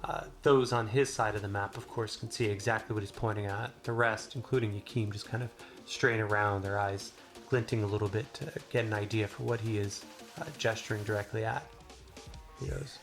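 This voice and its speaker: A relaxed male game master narrates a solo tabletop game, pausing often on filler sounds. His voice has a gravelly edge, and music plays clearly behind it throughout. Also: fairly low pitch. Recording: voice over clear background music.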